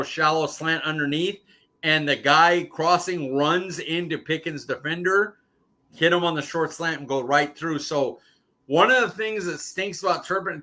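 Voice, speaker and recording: Podcast co-host, man, crisp forceful voice, analytical play-by-play explainer. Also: on the high side. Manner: explains plays step by step, analytical. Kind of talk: casual sports chat.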